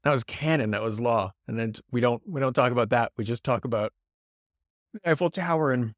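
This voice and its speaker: A man's voice: medium pitch, a little fast, dry recording, clean studio sound. A man hosting a podcast, rambling and joking in a self-deprecating way through good-news stories. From Canada. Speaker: podcast host. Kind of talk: casual comedic news talk. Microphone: podcast microphone.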